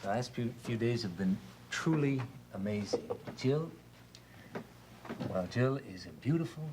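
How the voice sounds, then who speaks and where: A man's voice: mid-range voice, animated, a little slow, noisy background, lightly acted. A man playing an earnest, heartfelt widower. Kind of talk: TV soap opera acting.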